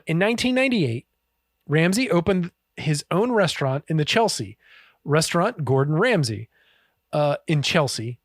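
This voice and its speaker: A man co-hosting a podcast, telling a story casually and swearing freely in an animated way. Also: fairly high pitch, no room sound. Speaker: podcast co-host. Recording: dry close-miked podcast audio.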